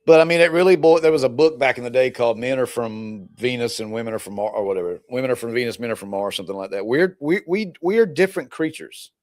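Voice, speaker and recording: A man's voice: mid-range voice, fast, hardly any pauses, a little mellow, no echo. A man coaching his viewers in a loose, rambling livestream chat, laughing easily between points. His voice sits in an ordinary middle range, recorded close and dry with no room sound. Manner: rambling, chatty, laughs often. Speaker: relationship coach. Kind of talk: casual livestream talk to viewers.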